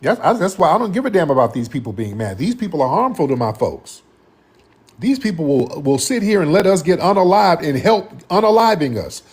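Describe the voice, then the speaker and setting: A man's voice: fairly high pitch, big pitch swings, fairly quick, breathy edge. A man hosting a live-stream commentary show and taking callers, talking in an emphatic, repetitive, slang-heavy way.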